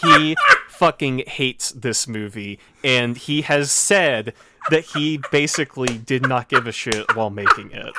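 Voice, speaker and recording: A man's voice: mid-range voice, expressive, unhurried, background noise. A man hosting a casual podcast chat, riffing with enthusiastic, profane humor. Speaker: podcast host.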